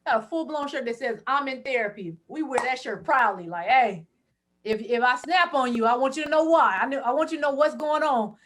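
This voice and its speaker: High-pitched woman guest on a podcast, loud and laughy, telling stories fast. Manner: loud, laughing, quick asides. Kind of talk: animated storytelling.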